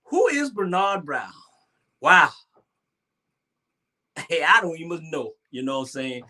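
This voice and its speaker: A man in his sixties from Georgia with a Southern accent, hosting a talk show and chatting in a lively, boastful way. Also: a little high, a little slow. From Savannah, Georgia, US. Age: 60s. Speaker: host. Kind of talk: animated solo talk show monologue.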